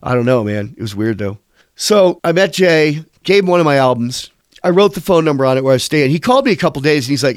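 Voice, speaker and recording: A man's voice: on the high side, animated, fast, no room sound, studio quality. A man in his fifties, a musician being interviewed, telling long casual stories in a rambling, profane way. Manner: rambling, profane, slips into quoted voices.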